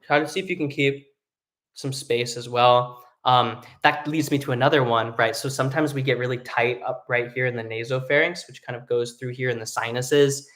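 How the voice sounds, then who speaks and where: A man's voice: medium pitch, steady tone, normal speed, fairly bright tone. Casual male singing teacher. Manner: casual explaining with many fillers, breaks into sung vocal demos. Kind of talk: live online vocal lesson.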